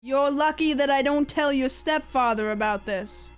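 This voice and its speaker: A woman voicing a haughty, wealthy mob matriarch with a mock Greek accent, talking slowly and scoldingly. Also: high-pitched, pitched above the performer's own voice, natural voice. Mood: scornful. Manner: slow, grand and scolding. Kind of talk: comic impression on a livestream.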